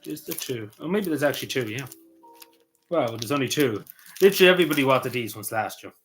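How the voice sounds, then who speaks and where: An Irish man hosting a casual livestream, rambling with many ums and quick apologies. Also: mid-range voice, animated, fairly bright tone, a little hiss or hum, rough recording. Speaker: livestream host.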